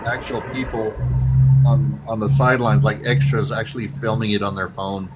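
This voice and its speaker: A man's voice: fairly low pitch, little pitch movement, moderate pace, heavy background noise. A man chatting casually on a live radio show, chuckling as he trades stories about cars and places he has lived. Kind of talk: casual live-stream chat.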